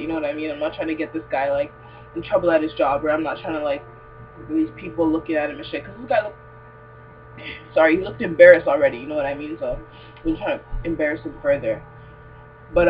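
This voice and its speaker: A woman's voice: low-pitched, dull audio, a little hiss or hum. Slangy woman telling a vlog story. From Toronto, Canada. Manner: profane, slangy, animated with many fillers. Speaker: vlogger. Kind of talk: casual storytelling to camera.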